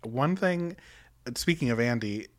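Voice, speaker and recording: A young podcast co-host chatting casually about TV, reacting in an expressive, animated way. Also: medium pitch, measured pace. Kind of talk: casual gossip chat.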